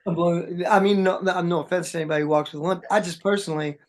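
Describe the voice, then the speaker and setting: Man, rock drummer guest, rambling chatty storyteller, slightly high voice. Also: steady tone, fast. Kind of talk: casual interview chat.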